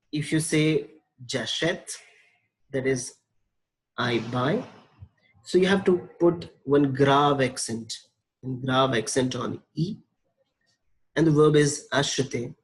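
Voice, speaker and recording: On a low-quality recording, a man with a fairly high voice teaches French verb conjugation from slides. He's slow and patient, spelling out letters and repeating the forms.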